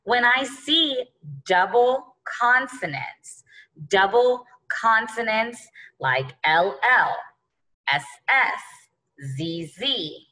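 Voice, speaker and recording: A woman's voice: on the high side, animated, very slow, bright, forceful tone, low-quality recording. A woman teaching an early-grade phonics lesson, patiently sounding out words letter by letter and speaking to the children as boys and girls.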